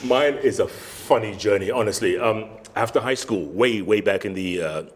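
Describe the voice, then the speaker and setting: A man in his fifties with a deep, resonant voice, telling his life story in an animated, casual interview as a guest anchor. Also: normal speed. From Kenya. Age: 50s. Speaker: guest anchor and radio host.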